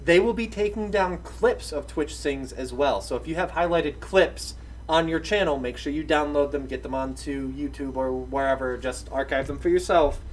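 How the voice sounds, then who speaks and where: A man's voice: a little high, moderate pace, a little hiss or hum. A man co-hosting a casual gaming news show, talking in a playful, rambling way and stumbling over his words. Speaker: podcast co-host.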